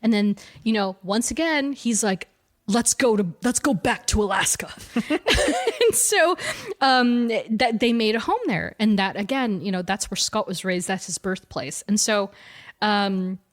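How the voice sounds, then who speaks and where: A woman's voice: mid-range voice, a little slow. A woman co-hosting a podcast, casually and animatedly retelling a comic story with frequent laughs and slangy asides. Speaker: podcast co-host. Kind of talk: casual chat recapping comics.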